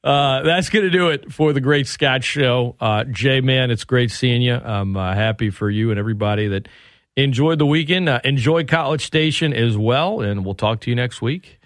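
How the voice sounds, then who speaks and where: A man's voice: mid-range voice, moderate pace, a bit bright, dry recording, clean studio sound. A man hosting a sports radio talk show, chatting loosely and reading plugs and promos for upcoming shows. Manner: conversational, reads station plugs and promos.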